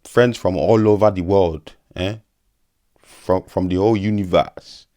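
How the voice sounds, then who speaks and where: A man's voice: deep voice, fairly even intonation, unhurried, dark tone. A man voicing a jolly, apologetic older African uncle with an African accent, sing-song and exaggerated, ending lines with "eh?". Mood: jokey apologetic.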